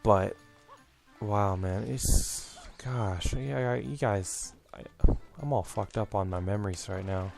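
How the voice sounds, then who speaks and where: A man's voice: lowish voice, slow, creaky, music in the background. A young man hosting a let's play, rambling and reminiscing through his commentary with lots of fillers, a bit out of breath.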